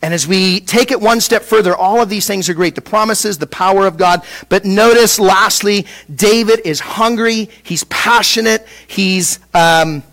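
A middle-aged male pastor from Southern California preaching a sermon in an animated, conversational way, acting out quotes and often restarting his sentences. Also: high-pitched, a little slow, hardly any pauses.

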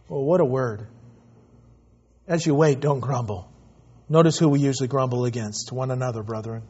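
A man's voice: mid-range voice, moderate pace, pauses often, darkish tone, slightly rough, highs cut off. A man preaching a sermon in a conversational, anecdotal way. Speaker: pastor.

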